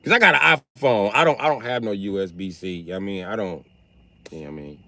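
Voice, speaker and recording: A man hosting a livestream, talking in a casual, profane and animated way as he tells stories. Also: on the low side, a little fast, no room sound. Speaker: livestream host.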